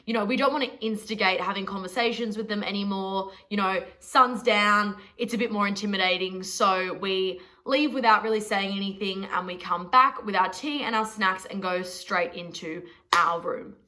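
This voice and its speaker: A woman's voice: mid-range voice, moderate pace, few pauses, pushed and bright. A young Australian woman telling a story to camera in a chatty, sweary, self-mocking vlog. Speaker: vlogger.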